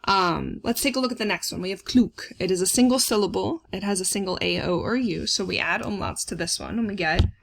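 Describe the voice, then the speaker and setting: A woman's voice: medium pitch, brisk, creaky, few pauses. A woman teaching German grammar in a recorded lesson, explaining step by step with frequent fillers.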